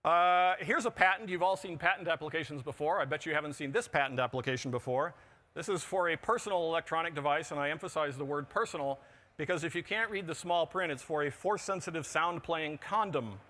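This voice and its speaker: A man with a bright, forceful voice pitched a little high, presenting at a conference. He delivers his talk with dry, joking asides. He sounds middle-aged. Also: brisk. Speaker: conference speaker. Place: conference pavilion on a show floor.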